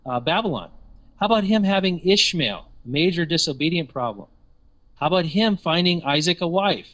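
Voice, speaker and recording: A man's voice: on the high side, fairly bright tone. A man giving a sermon-style teaching, emphatic and full of rhetorical questions.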